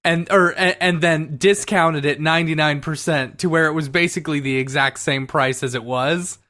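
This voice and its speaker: A man's voice: a little high, steady tone, moderate pace, bright, forceful tone. Laughing man in casual chat. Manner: laughs often, reads aloud with amusement. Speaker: podcast co-host.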